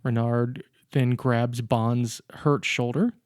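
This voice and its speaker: A man's voice: mid-range voice, fairly even intonation, takes it slowly, a little mellow, dry recording, studio quality. A man co-hosting a podcast, casually recapping a film's plot step by step with fillers. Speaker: podcast co-host. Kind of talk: casual chat recapping a film.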